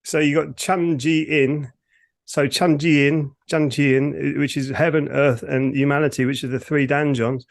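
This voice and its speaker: A man's voice: fairly high pitch, flat delivery, moderate pace, gravelly. A man from the United Kingdom, a Ki Gong teacher and podcast co-host, explaining his practice in a rambling, self-correcting way over a remote call.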